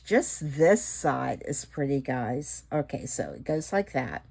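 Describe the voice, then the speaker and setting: A woman's voice: sits low, expressive, takes it slowly, creaky, darkish tone, slightly rough. A middle-aged woman, chatting casually to viewers while crafting and gushing over her work, often dropping to an awed whisper. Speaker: resin craft vlogger.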